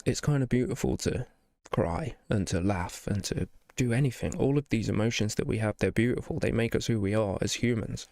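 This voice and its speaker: A reaction channel host delivers a heartfelt sign-off, earnest and encouraging and emotional after having cried. His lowish, slightly mellow voice moves fairly quickly in a dry, studio-quality recording.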